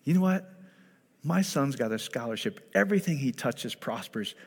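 A male pastor giving a conversational sermon, lively and animated, who keeps checking in with his congregation. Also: medium pitch, normal speed, breathy edge, long reverb tail.

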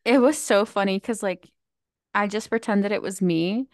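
A woman's voice: mid-range voice, normal speed, no echo, studio quality. A woman co-hosting a podcast in casual chat, telling stories animatedly with lots of "like". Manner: animated storyteller, laughs, heavy use of "like". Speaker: podcast co-host.

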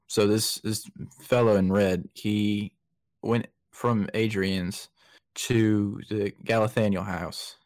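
A man voicing a weary, disheveled man in a half-attempted southern accent, talking in a rambling, halting way. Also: fairly low pitch, steady tone, a little mellow, no room sound. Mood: anxious.

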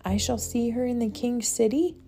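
A woman's voice: a little high, moderate pace, mellow, faint music behind, voice pushed up, lightly acted. Woman voicing a timid little boy rabbit. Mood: timid, wistful. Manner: timid, wistful.

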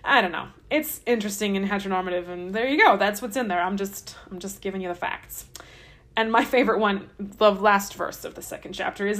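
A woman's voice: medium pitch, fairly quick, a bit bright. A woman hosting a podcast, retelling scripture in a chatty, irreverent way with wry asides. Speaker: podcast host. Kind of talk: casual comic scripture retelling.

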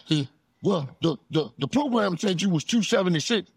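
Animated storytelling man. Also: sits high, a little slow, vocal fry, breathy edge, dry recording. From Florida, USA. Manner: animated, acts out dialogue, laughs often. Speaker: interview guest, retired football player. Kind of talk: casual storytelling.

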